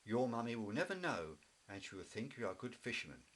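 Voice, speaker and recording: A man's voice: on the low side, very animated, a little fast, a bit bright, a little hiss or hum. A man voicing an eager, bossy young boy bear in a children's storybook reading. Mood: urgent.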